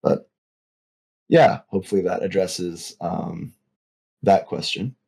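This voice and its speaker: A man with a very deep, gravelly voice walks through game rules on a community call. He talks casually and keeps stopping on small fillers as he explains. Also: fairly even intonation, slow, a little mellow. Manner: hesitant, many fillers.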